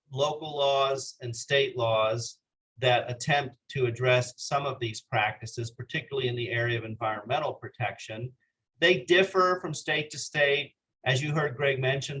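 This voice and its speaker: A man's voice: medium pitch, a bit bright, rough recording. A man giving an earnest slide lecture for a legal education course, often hesitating and calling for the next slide. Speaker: continuing legal education presenter.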